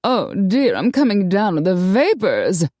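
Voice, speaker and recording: Brief: prim, fragile high-society lady, drawling and affected, done by a female reader. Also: sing-song, unhurried, darkish tone, no echo, studio quality.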